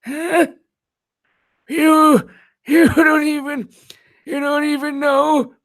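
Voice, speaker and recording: A man's voice: extremely high pitch, flat delivery, extremely slow, fairly bright tone, pitched above the performer's own voice, heavily acted. A man putting on the voice of an elderly male senator who sputters and repeats himself. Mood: indignant.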